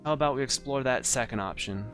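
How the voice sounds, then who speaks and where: A man's voice: mid-range voice, quick pace, a bit bright, soft background music, voice pushed up, close to an everyday voice. A man voicing a scheming married woman client in a noir story game, pleading and then seductive.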